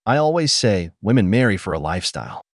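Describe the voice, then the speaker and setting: A man's voice: lowish voice, big pitch swings, fast talker, no room sound, studio quality. A man gives opinion commentary in a blunt, preachy, lecturing tone.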